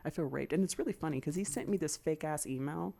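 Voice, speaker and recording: A woman's voice: low voice, gravelly, dark tone. A woman podcast host telling a candid personal story, swearing freely, venting hot anger and briefly mimicking other people's lines. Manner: profane, venting and heated, with quick mimicry of others.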